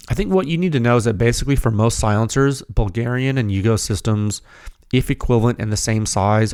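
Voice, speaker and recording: A man hosting a technical podcast, talking in an emphatic, animated way and often calling listeners dude. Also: on the low side, no room sound, clean studio sound. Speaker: podcast host. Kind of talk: excited technical podcast talk.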